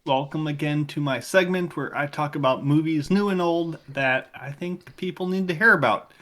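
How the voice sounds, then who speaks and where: A man's voice: a little high, normal speed, fairly bright tone. A man hosting a film segment on a podcast, retelling the plot in a joking, casual way.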